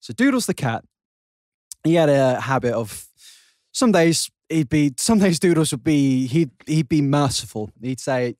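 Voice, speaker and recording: A man's voice: on the high side, animated, unhurried, a little mellow, no room sound, clean studio sound. A young man co-hosting a comedy podcast, telling crude stories full of swearing and cackling. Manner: rowdy, swearing, cackling storyteller. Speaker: podcast co-host.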